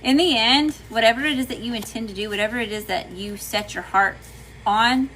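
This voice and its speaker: Bright-voiced chatty Southern woman. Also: a little high, brisk, slight background noise, poor audio. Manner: chatty, folksy, says y'all often. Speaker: tarot reader on a livestream. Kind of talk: casual livestream tarot reading, greeting chat.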